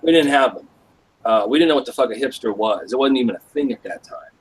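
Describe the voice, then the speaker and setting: A man hosting a live stream, talking in a laid-back, profane, slangy way with a husky voice. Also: mid-range voice, fast, rough recording. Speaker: stream host. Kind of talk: casual chat.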